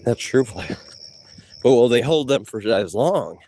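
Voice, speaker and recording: A man vlogging live outdoors while jogging, slangy and animated, a bit out of breath, talking into a body-worn mic. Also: mid-range voice, measured pace.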